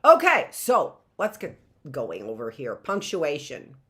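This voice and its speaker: A woman's voice: deep voice, wildly swooping pitch, slow pace, fairly bright tone. A middle-aged woman teacher giving a chatty, playful online lesson, often exclaiming. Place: home classroom setup.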